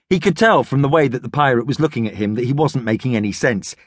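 A man narrating a children's audiobook in a lively storytelling manner. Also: medium pitch, quick pace, hardly any pauses, dry recording. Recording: dry studio audiobook.

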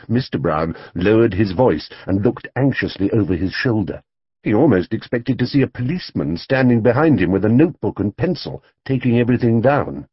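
A man reading a children's audiobook in an expressive storytelling manner. His husky voice swings widely in pitch. The recording is dry and slightly dull. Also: measured pace, dry recording. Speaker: audiobook narrator. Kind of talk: scripted narration.

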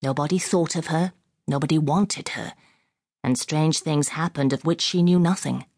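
A woman reading a classic novel as an audiobook narrator in a measured, expressive way, close on a studio mic. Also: low voice, dry recording.

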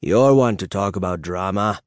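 A man's voice: deep voice, moderate pace, no room sound, clean studio sound, close to an everyday voice. A man voicing an ancient, stern male dragon elder, disapproving and grave. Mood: dry.

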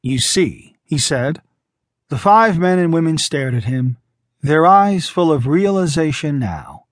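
A man narrating a science fiction audiobook in a measured, unhurried reading. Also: fairly high pitch, big pitch swings, no room sound, studio quality. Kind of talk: scripted narration.

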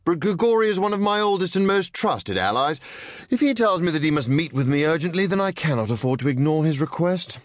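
Man playing a raised-voice villain mastermind, calm, commanding, measured, dry sound. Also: a little high, no room sound, voice pushed up, close to an everyday voice. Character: cool, commanding male villain mastermind, middle-aged.

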